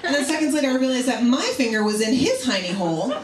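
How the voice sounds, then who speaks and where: A woman's voice: fairly high pitch, quick pace. Bawdy woman comic in an echoey club. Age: 30s. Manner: bawdy, animated storytelling with acted-out quotes. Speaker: stand-up comedian. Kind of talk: stand-up comedy set. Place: comedy club bar. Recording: echoey club with loud noise. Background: audience laughter.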